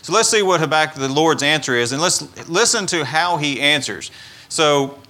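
Bright-voiced man teaching the Bible. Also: on the high side, expressive, normal speed. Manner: conversational, explains and paraphrases scripture. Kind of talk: informal Bible teaching sermon.

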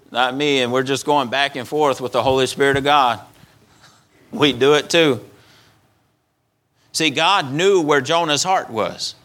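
A man's voice: on the high side, sharp tone. A middle-aged male pastor preaching an earnest sermon, often acting out the voices of stubborn, angry people and repeating his words as he goes.

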